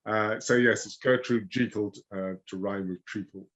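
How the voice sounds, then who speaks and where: A man speaking as a rose expert in a casual chat, hesitant with many fillers, often trailing off softly. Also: fairly low pitch, fairly even intonation, moderate pace, lo-fi sound. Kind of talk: casual video-call chat.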